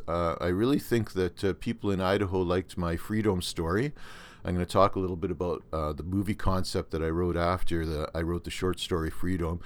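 Very deep-voiced older Canadian man. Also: normal speed. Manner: rambling, with many restarts and fillers. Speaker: podcast host. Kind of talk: casual monologue.

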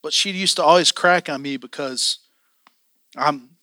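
A man preaching with fervent, story-driven passion, his voice somewhat high and strikingly bright. The sound is close and dry, with no room around it. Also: measured pace, no room sound. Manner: passionate, storytelling, often acting out his own excitement. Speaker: church elder preaching. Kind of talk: sermon.

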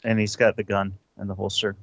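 A man's voice: lowish voice, level tone, a little fast, gravelly, a bit bright, dry recording, highs cut off. A man co-hosting a casual podcast chat, joking dryly and stalling with fillers. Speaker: podcast co-host.

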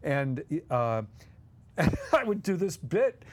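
A man's voice: on the high side, sing-song, takes it slowly. A man co-hosting as a guest, telling anecdotes animatedly and acting out quotes with laughs. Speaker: guest co-host.

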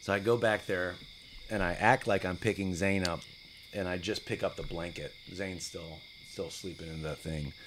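A man in his forties, a podcast guest, telling casual stories in an animated way and acting out other people's lines. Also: sits low, moderate pace, noisy background. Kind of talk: casual storytelling.

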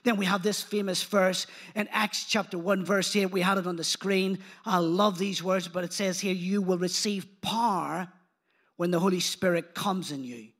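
A man preaching a sermon in church, animated and engaging the congregation, retelling scripture in casual speech. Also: high-pitched, moderate pace. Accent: non-local accent.

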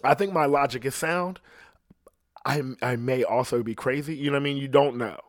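A man's voice: mid-range voice, a little fast, dry recording, clean studio sound. A man from Ohio hosting a solo podcast, rambling in a profane, casual monologue and often asking "you know what I mean". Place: at home alone.

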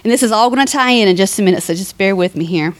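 Racing through her words in a medium-pitched voice, a woman gives a funeral eulogy that is warm and conversational. She reads scripture aloud, moves into sermon territory, and addresses the family head-on.

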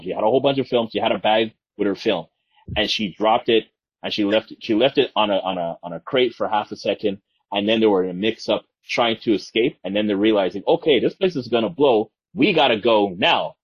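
A man's voice: lowish voice, fast talker, slightly rough, highs cut off. A man co-hosting a podcast, retelling movie scenes in casual chat and acting out the lines. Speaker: podcast co-host.

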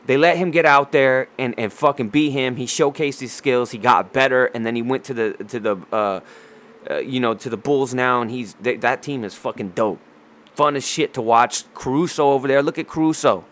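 A man on a loose sports rant, swearing freely and trash-talking with real heat. His voice sits at an ordinary middle pitch. He rambles, restarts his sentences and wanders into asides as he goes. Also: moderate pace, a bit bright. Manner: heated, profane, trash-talking.

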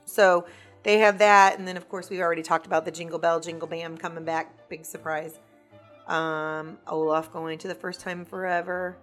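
Woman podcast co-host, low voice, chatty, excitable, casual studio chat. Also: moderate pace, soft background music. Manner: chatty, excitable, loses her words mid-sentence. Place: recording studio.

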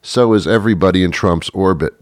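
A man's voice: deep voice, a little fast, no room sound, studio quality. A man hosting a show, delivering a sarcastic political monologue and chuckling often as he mocks. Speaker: political commentary host.

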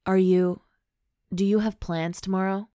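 A woman reading aloud the lines of a flustered, lovestruck young woman, hesitant and a little breathy. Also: mid-range voice, little pitch movement, a little slow, warm tone, no echo, clean studio sound, close to an everyday voice. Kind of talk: reading aloud a novel's dialogue.

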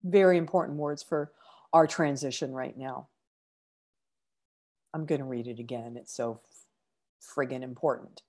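A woman's voice: very deep voice, a little mellow. A middle-aged woman hosting an inspirational podcast, talking earnestly and with emotion, with sighs and restarts. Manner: slow, earnest, emotional, breaks off to sigh. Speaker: podcast host.

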